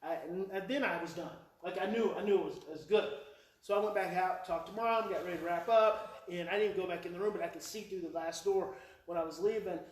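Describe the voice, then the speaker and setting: A man giving a live talk on parenting, telling a story with lively mimicry and repeating key phrases for effect. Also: sits high, brisk. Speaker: parenting speaker. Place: hall with a live audience. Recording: echoey hall, speaker heard from far off.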